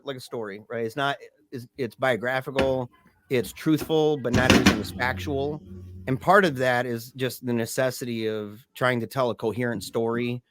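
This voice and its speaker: A middle-aged man speaks as a podcast guest in casual, halting storytelling, often restarting his sentences and laughing softly. His voice sits at an ordinary pitch. The recording is dry and close. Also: no room sound.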